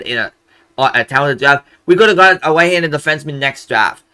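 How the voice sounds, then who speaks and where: A man's voice: on the high side, pushed and bright. A young man hosting a hockey fan channel, ranting angrily and profanely about a draft pick, repeating himself. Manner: frustrated, profane, repetitive. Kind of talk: angry fan rant.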